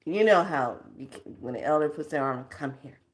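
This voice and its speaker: A woman slowly telling a personal story, acting out the dialogue as she goes. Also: deep voice, animated. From California. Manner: slow, reflective, acts out quoted dialogue. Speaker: storyteller sharing a personal lesson.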